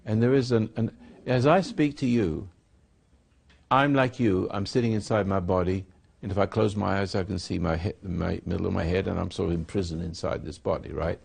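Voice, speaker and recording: A man's voice: deep voice, steady tone, moderate pace, vocal fry, darkish tone, slightly rough. A man speaking as a spiritual teacher in a sermon dialogue, rambling and acting out quoted voices.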